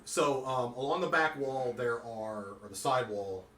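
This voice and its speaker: Relaxed man running a tabletop game. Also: mid-range voice, unhurried, a little hiss or hum. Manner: relaxed, with many fillers. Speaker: game master. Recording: echoey room, far from the mic.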